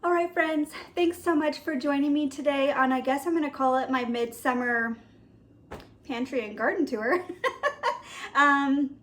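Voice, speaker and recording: A woman's voice: high voice, steady tone, measured pace, fairly bright tone. A woman vlogging casually as she tours her garden, chatty and laughing often, with many ums. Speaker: homestead vlogger. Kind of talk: casual garden tour vlog. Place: outdoor garden.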